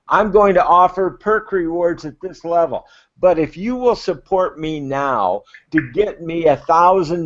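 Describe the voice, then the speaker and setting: A man giving enthusiastic, rambling crowdfunding advice on a live web show, talking fast and getting carried away. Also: a little high. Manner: excited, rambling, self-described natural enthusiast. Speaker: crowdfunding adviser. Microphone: video call. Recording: lo-fi video call audio.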